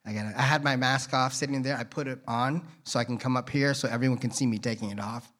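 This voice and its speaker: A guest preacher gives a casual sermon to a congregation, joking around and drifting into tangents as he rambles. He talks fast, with a medium-pitched, steady and fairly bright voice.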